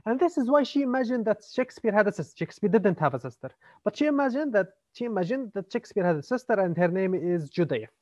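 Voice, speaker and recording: A man's voice: sits high, very animated, fast talker, a little mellow, no room sound. Man, literature lecturer, hesitant, lots of fillers, dry close sound, muffled lo-fi audio. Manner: hesitant, many fillers and repeated words. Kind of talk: classroom lecture. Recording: dry, slightly muffled lo-fi recording.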